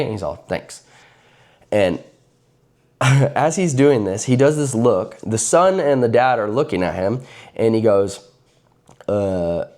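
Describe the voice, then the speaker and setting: A man's voice: medium pitch, a little mellow. A man telling a casual, rambling story to camera about a card vendor encounter, with many fillers and restarts.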